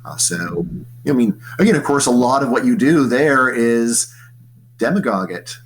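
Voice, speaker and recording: Middle-aged american econ prof rambling away in an interview, lots of "like, you know", faint hum behind. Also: male voice, mid-range voice, moderate pace, poor audio. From United States. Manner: animated and rambling, with many fillers and restarts. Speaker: economics professor. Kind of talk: casual interview conversation.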